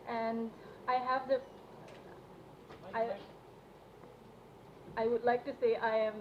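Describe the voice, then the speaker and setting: Young woman from Manipur, student speaker, higher voice, hesitant and earnest; tinny phone-quality audio. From Manipur, India. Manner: hesitant, earnest, many fillers. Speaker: student representative speaking at a solidarity event. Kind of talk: public speech. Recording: tinny phone-like live stream with faint noise.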